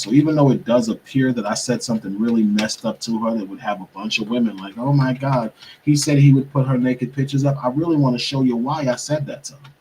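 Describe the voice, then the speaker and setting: A man's voice: mid-range voice, slight background noise, poor audio. A young man hosting a show, talking casually to viewers while he struggles with his computer, muttering and swearing to himself in frustration. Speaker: podcast host.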